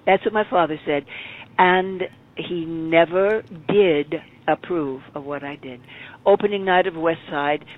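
A woman in her eighties telling stories as an interview guest, animated and acting out the people she quotes. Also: low-pitched, a little slow. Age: 80s. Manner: animated storyteller, acts out quotes. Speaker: guest performer. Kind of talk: storytelling interview. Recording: phone-like narrow sound.

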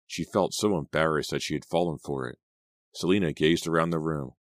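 A male audiobook narrator with a very deep, low voice tells the story at a steady pace. The recording is dry and close, with no room sound. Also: brisk, dry recording. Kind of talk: scripted narration.

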